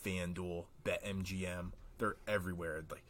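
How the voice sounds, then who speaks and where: A man's voice: low voice, little pitch movement, slow, fairly bright tone, slight background noise. A man who is a guest on a casual sports podcast, talking in a rambling, easygoing way.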